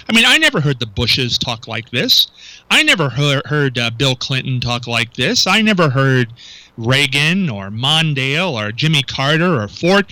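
A man's voice: on the high side, very animated, moderate pace, bright, forceful tone, no room sound, low-quality recording. A male radio talk show host, chatting with his co-host, incredulous and full of rhetorical questions. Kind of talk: local talk radio banter. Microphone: studio microphone.

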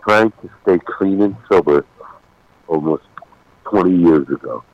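A man in his sixties with a deep golden voice, a guest speaking by phone in a casual radio interview, halting with frequent pauses. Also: no room sound, muffled recording. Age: 60s.

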